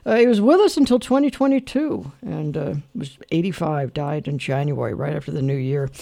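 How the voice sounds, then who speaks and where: A man's voice: fairly high pitch, expressive, fairly quick, gravelly, warm tone. A man hosting a radio call-in show, talking bluntly and lecturing a caller with firm advice. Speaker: radio talk show host. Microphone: studio broadcast mic.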